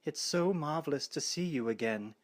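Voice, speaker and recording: A man's voice: on the high side, expressive, lightly acted. A man doing a cool, creepy British vampire woman. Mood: coolly seductive. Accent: put-on British.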